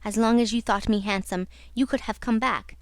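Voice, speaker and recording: A tormented masked man who roars and hisses in rage and grief, as a woman narrator reads him. The voice stays fairly high and the delivery is slow and dramatic. The audiobook recording is dry and close. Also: fairly even intonation, no echo, lightly acted. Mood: anguished. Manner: roaring and hissing. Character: raging tormented masked man, monstrous and grieving.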